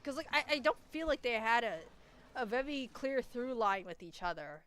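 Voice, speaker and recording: A woman's voice: a little high, lively intonation, moderate pace, a bit bright. A young woman streamer with a nasal voice, chatting casually and rambling with lots of restarts while she plays a game. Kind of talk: casual chat while gaming.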